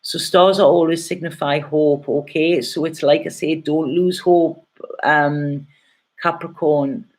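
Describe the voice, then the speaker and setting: A woman's voice: low voice, darkish tone. A middle-aged woman gives a casual, rambling and heartfelt tarot reading, often checking in with "okay?". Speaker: tarot reader.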